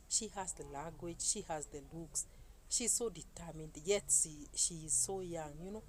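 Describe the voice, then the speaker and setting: A woman, talking straight to a phone camera. She tells her story in an animated, exclamatory way, and her voice sits a little low. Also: normal speed, low-quality recording. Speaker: YouTuber. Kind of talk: casual talk to camera. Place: indoors, seated.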